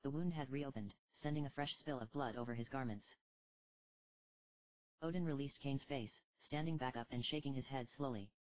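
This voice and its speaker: Low-voiced woman narrating a story. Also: moderate pace, a little mellow, dry recording, highs cut off. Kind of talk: audiobook reading of fan fiction.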